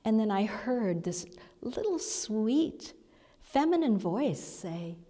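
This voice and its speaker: A woman minister giving a conversational sermon lesson, seated before the congregation, with soft, halting storytelling and breathy asides. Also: mid-range voice, lively intonation. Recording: long reverb of a large hall.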